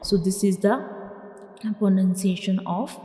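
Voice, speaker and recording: Slow and step by step, a woman Quran reading teacher leads a letter lesson, loudly repeating every sound for her students. She speaks with patience in a mid-range voice, recorded in an echoey room with long reverb.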